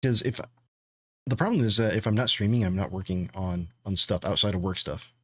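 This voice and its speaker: A man's voice: lowish voice, fairly quick, a bit bright, slightly rough, no room sound, studio quality. A man streaming game development, thinking aloud and rambling casually to his viewers. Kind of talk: casual live-stream chat.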